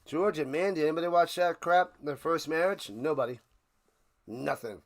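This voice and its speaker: A man's voice: fairly high pitch, normal speed. A man hosting a live football watch party, calling plays and making chatty, jokey asides. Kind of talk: casual livestream play-by-play.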